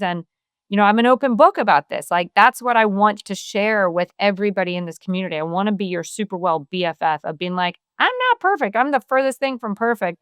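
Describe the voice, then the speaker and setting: Earnest woman with a smooth voice. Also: medium pitch, dry recording, studio quality. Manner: earnest, open, many "you know" fillers. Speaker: podcast guest, wellness author. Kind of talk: casual conversational interview.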